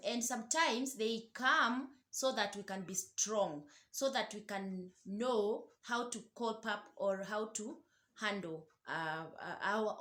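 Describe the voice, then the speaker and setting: A woman's voice: a little high, a bit bright, reverberant. A woman host giving parenting advice, talking earnestly, asking rhetorical questions and often repeating words as she restarts. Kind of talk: advice talk to camera.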